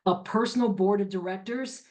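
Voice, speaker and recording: A middle-aged woman guest in an interview, telling her story in an animated, emphatic way and often checking in with "you know" and "right?". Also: mid-range voice, a little fast. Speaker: entrepreneur guest.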